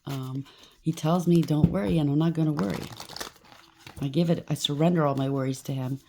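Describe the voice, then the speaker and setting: A woman's voice: deep voice, fairly even intonation, a little fast, darkish tone, slight background noise. A woman giving a rambling, chatty collective tarot reading, preaching and thinking aloud with frequent asides. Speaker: tarot reader.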